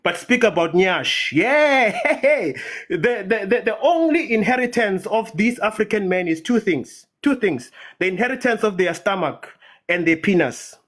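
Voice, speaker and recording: A man's voice: high-pitched, lively intonation, measured pace, fairly bright tone. A man from Nigeria ranting passionately in a heated live audio-room debate, repeating words for emphasis. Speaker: debate participant.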